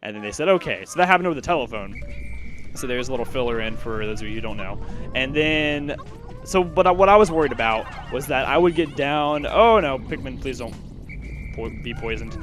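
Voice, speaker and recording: Animated young gamer guy, eighteen. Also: medium pitch, brisk. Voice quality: lively, rambling, many fillers and restarts. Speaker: gaming channel host. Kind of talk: casual let's-play commentary.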